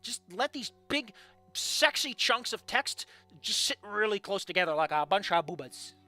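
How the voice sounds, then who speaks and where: A man's voice: high-pitched, sing-song, moderate pace, pushed and bright, faint music behind. A man reading fan fiction aloud and breaking off into sarcastic, profane rants about the writing. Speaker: fan fiction reader and critic. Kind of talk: casual commentary.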